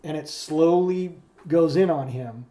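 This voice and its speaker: A man co-hosting a podcast, speaking haltingly and repeating words as he thinks aloud. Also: fairly high pitch, dark tone. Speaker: podcast co-host. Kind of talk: casual chat.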